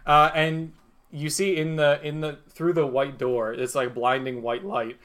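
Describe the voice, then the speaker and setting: A man's voice: on the high side, level tone, a little slow, fairly bright tone. A man running a tabletop role-playing game as game master, narrating casually with frequent fillers. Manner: casual, hesitant, many fillers and laughs.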